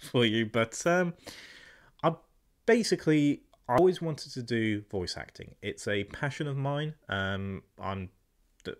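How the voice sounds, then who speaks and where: An English man hosting a gaming channel, chatting casually in a self-deprecating way about a product. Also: lowish voice. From England. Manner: chatty, self-deprecating, laughing between remarks. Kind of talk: casual product review chat.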